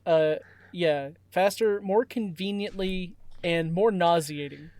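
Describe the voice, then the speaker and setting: A man co-hosting a casual movie review podcast, animated and joking. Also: high-pitched, takes it slowly, no echo. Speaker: podcast co-host.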